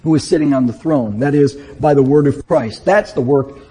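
A man's voice: medium pitch, normal speed, mellow, breathy edge, rough recording. A man teaching verse by verse through a Bible book, reading passages aloud and then explaining them, often restarting his sentences.

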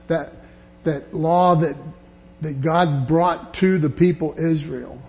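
Slow, mellow-voiced male Bible teacher. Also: on the high side. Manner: earnest, emphatic, with frequent restarts. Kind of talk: verse-by-verse Bible lesson.

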